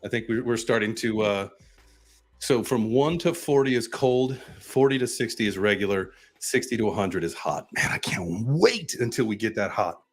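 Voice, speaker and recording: A man hosting a casual group chat on a live stream, quick and upbeat, with loose fillers. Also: fairly low pitch. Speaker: host.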